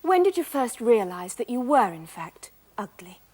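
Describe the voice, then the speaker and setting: A woman playing a chirpy, tactless female daytime TV presenter with bright, breezy patter. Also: on the high side, very animated, moderate pace, very noisy. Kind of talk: sketch comedy.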